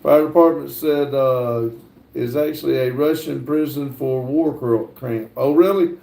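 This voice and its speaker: Halting middle-aged American man, roomy sound. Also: medium pitch, creaky, dark tone. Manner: halting, fills pauses with frequent "uh". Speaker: livestream host. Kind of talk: casual chat reading viewer comments. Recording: roomy echo.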